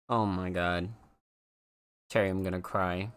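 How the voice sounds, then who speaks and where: A streamer chatting casually with viewers, gushing over pets with drawn-out exclamations and a cooing voice. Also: medium pitch, level tone, a bit bright, smooth.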